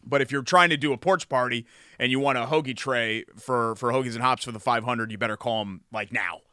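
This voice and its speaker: A man's voice: mid-range voice, fairly quick, pushed and bright, clear, resonant tone, no echo, studio quality. A man co-hosting a sports podcast, chatty and enthusiastic as he reads sponsor plugs. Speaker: podcast co-host. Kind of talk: casual sports chat.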